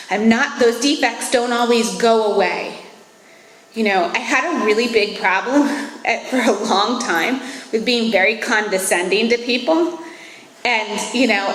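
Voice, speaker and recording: A woman's voice: fairly high pitch, measured pace, fairly bright tone, slight background noise. A woman in her thirties giving an earnest, reflective talk at a recovery meeting. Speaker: AA speaker. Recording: echoey hall.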